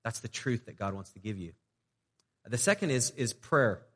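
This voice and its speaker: A man's voice: mid-range voice, sing-song, normal speed, a bit bright, breathy edge. Conversational male pastor in a reverberant church. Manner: conversational preaching with frequent restarts and acted-out prayers. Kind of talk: sermon.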